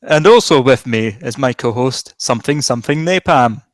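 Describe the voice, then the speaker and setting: Podcast host guy, easygoing and halting, dry close mic. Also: medium pitch, expressive, no echo. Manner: laid-back, halting, with fillers. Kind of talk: casual podcast hosting.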